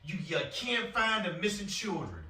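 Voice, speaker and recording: Bright-voiced emphatic preaching man. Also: high-pitched, big pitch swings, moderate pace. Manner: emphatic, stumbling repeats. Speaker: street preacher. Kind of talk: preaching warning. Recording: echoey, from far off.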